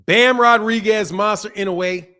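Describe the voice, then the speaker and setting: On a boxing livestream, a host with a Philadelphia accent reads out viewer super chats in casual chat. His voice sits high for a man, and he takes his time, often repeating the same phrase several times over in a playful, animated way.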